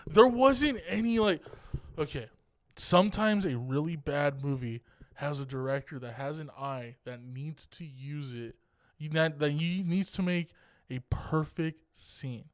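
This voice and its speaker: Smooth-voiced young man ranting about movies. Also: on the high side, measured pace, no room sound. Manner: profane, excitable, laughing. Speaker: podcast co-host. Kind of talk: casual movie review chat.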